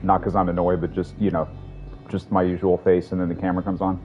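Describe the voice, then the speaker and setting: A man's voice: deep voice, little pitch movement, fast talker. A man streaming a video game, rambling casually and joking about himself as he plays. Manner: rambling, self-deprecating, drawling. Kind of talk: casual gameplay commentary. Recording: dull lo-fi audio with faint game music.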